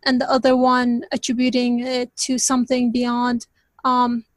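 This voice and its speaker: A woman's voice: a little high, monotone, measured pace, no room sound. A woman in a study group discussion, thinking aloud in a tentative, hedging way. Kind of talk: reflective discussion comment.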